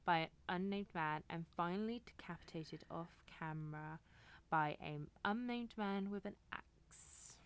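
A woman's voice: fairly low pitch, unhurried, clear, resonant tone. A British woman co-hosting a podcast, chatting casually, giggly and swearing freely. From England. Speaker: podcast co-host. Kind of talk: casual chat.

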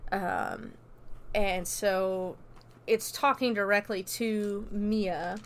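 A woman's voice: medium pitch, drawn-out words. A woman casually recapping a movie plot in a chatty, loose way, full of "like" and "you know" and freely dropping swear words. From America. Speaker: movie reviewer.

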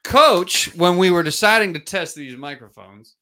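A man hosting a casual sports podcast, telling stories in an animated way and swearing freely. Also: fairly high pitch, moderate pace. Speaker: podcast host.

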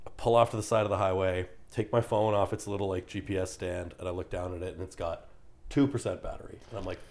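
A young man from Canada speaks with a low, deep voice. He tells a long story casually as a podcast guest, swearing freely and breaking into laughs. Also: quick pace. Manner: animated, profane, laughs through his story.

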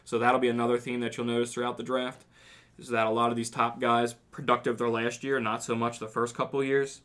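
A man's voice: medium pitch, completely flat delivery, brisk, a bit bright. Casual man chatting about fantasy football. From not from the South. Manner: rambling, thinks aloud with restarts. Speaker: podcast host. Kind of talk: casual sports chat.

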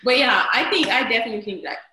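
A woman talking casually in a group discussion, hesitant with many pauses and giggles. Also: a little high, lively intonation, reverberant, noisy background.

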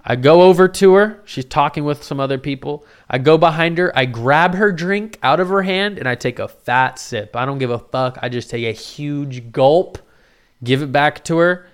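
A young man telling a bar story in casual chat, animated and full of swearing, acting out the voices of people he quotes. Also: on the high side, moderate pace, clean tone.

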